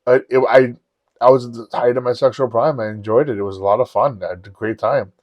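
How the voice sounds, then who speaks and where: A man's voice: medium pitch, fairly even intonation, quick pace, a little mellow, no room sound. A man hosting a podcast, casually telling a long story with lots of swearing and acting out his own lines. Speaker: podcast host.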